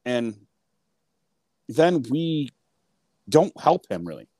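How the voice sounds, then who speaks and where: A man co-hosting a casual hockey chat, excitable and full of fillers, acting out his own reactions. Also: medium pitch, slow pace, husky, no room sound. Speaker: sports podcast co-host.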